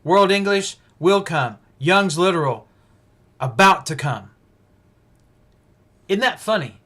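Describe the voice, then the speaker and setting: A male preacher hosts a livestream Bible study, teaching casually and without a script. His slightly high voice rambles as he thinks out loud, with frequent restarts and fillers.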